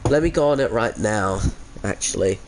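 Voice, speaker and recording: A man's voice: fairly low pitch, expressive, moderate pace, slight background noise. An Australian man chatting casually with viewers on a game stream through a headset mic, laid-back and chuckly, calling everyone mate.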